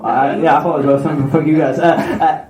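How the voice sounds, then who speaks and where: A man's voice: fairly high pitch, steady tone, quick pace, warm tone. A man hosting a live podcast, retelling a myth with stumbles, giggles and restarts. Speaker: podcast host and narrator. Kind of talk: live comedic mythology retelling. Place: live event venue. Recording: echoey live room with crowd ambience.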